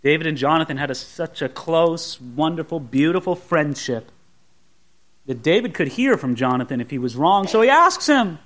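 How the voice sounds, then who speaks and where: A man delivers an expository sermon in a notably high-pitched voice. His tone is bright and forceful. He leans into dramatic readings of the characters' words. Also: animated, moderate pace. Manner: dramatic, voices the Bible characters with rising intensity. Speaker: pastor.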